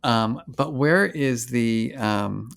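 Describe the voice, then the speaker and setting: A man's voice: mid-range voice, extremely slow, vocal fry. A man hosting a podcast, reflecting aloud and asking questions with lots of verbal fillers. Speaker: podcast host. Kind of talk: casual podcast conversation.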